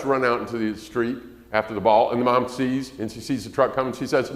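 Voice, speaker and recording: A man preaching a sermon on parenting in a folksy way, acting out quoted parents in a shrill voice. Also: a little fast, few pauses, fairly bright tone. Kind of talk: sermon lesson to a congregation. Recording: echoey church hall.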